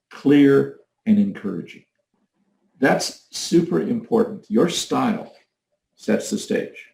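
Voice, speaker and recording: Gravelly male leadership trainer, echoey. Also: medium pitch, darkish tone. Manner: coaching, emphatic, demonstrates tones of voice. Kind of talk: recorded leadership training talk. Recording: echoey room.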